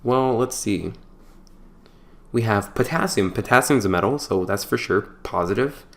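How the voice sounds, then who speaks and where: Chatty, low-voiced man tutoring chemistry. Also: normal speed. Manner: relaxed and chatty, with playful asides and small stumbles. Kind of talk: casual whiteboard lecture.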